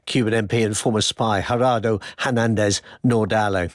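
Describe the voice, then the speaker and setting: A man from England's West Country presenting a radio news program, putting measured questions to guests. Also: lowish voice, fairly even intonation, no echo, studio quality. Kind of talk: radio interview hosting.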